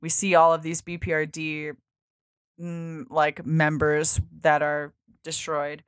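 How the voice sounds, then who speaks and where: Chatty woman podcaster, low dry voice. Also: monotone, slow, clear, resonant tone, no room sound. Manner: loose and chatty, heavy on filler words and swearing. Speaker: podcast co-host. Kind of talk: casual chat recapping a comic.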